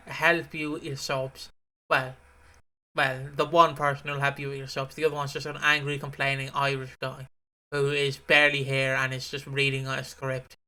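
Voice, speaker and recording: A man's voice: mid-range voice, pushed and bright. A man co-hosting a podcast in casual chat, rambling and swearing freely. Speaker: podcast co-host.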